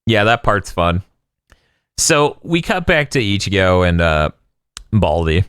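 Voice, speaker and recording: A man's voice: low-pitched, very animated, measured pace, fairly bright tone, clean tone, no echo, clean studio sound. A man hosting a podcast, recapping an episode casually with frequent laughter and swearing. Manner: laughing, profane storytelling. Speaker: podcast host.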